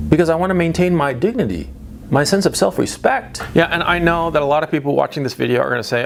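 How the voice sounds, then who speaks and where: Blunt, gravelly-voiced man ranting. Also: a little high, animated, fast talker, a little hiss or hum. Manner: blunt, emphatic, profane. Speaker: video commentator. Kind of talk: opinionated monologue to camera.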